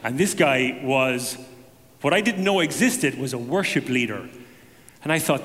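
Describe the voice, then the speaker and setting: A man giving a personal testimony to a congregation, telling it as an animated story with self-deprecating humor. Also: high-pitched, normal speed, long reverb tail, slight background noise.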